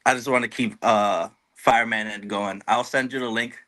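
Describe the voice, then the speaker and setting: Easygoing male caller, bright-toned, speaking earnestly. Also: medium pitch, steady tone, moderate pace. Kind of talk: casual fan call-in.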